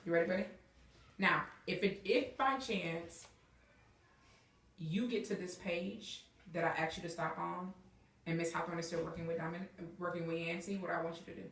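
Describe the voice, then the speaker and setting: A woman's voice: on the low side, steady tone, moderate pace, a bit bright. A woman teacher guiding young readers, encouraging and checking in often with "okay?" and "all right?". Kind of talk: classroom instruction. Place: classroom. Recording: roomy classroom, mic far off.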